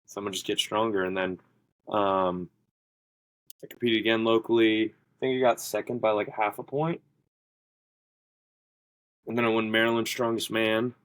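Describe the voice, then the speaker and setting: Low-voiced man telling gym stories. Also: fairly even intonation, measured pace, long pauses, no echo, poor audio. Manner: rambling, filler-heavy, quotes people in his stories. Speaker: podcast guest, strongman athlete. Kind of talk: casual interview storytelling.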